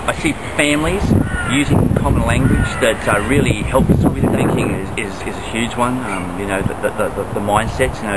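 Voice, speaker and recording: A man, a school principal giving a testimonial, hesitant with many restarts and fillers. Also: mid-range voice. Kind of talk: testimonial interview. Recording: loud background noise.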